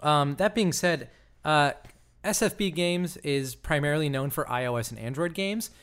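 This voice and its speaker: A man's voice: fairly high pitch, normal speed, clear, resonant tone. Guy cohosting a podcast, talks it through thoughtfully, jokey. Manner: thoughtful, joking, animated. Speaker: podcast co-host. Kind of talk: casual chat.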